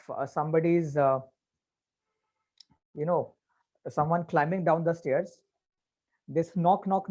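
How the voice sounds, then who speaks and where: A man explaining a story to a class as their teacher, patiently and with pauses. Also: a little high, darkish tone. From India.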